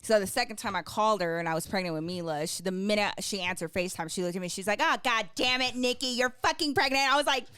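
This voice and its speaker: A woman's voice: mid-range voice, quick pace, hardly any pauses, clear, resonant tone, dry recording. A young adult woman co-hosting a podcast, telling stories in casual chat and acting out what people said. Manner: animated storyteller, acts out quotes, laughs often. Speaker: podcast co-host.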